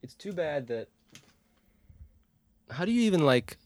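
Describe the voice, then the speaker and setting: Lively, teasing male podcast co-host. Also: on the high side, measured pace, dry recording. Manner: playful, teasing interjections. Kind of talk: casual podcast chat.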